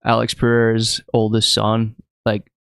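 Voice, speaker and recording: A man co-hosting a casual podcast, telling stories and acting out quotes with lively energy. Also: fairly low pitch, unhurried, creaky, smooth, no room sound, studio quality. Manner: animated storyteller, acts out quotes. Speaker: podcast co-host. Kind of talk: casual chat watching fights.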